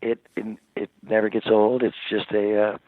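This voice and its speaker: Man on a phone line, rambling animated storyteller, mid-pitched voice, dry tinny sound. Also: moderate pace, no room sound. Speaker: rock singer, interview guest. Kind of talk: casual phone interview.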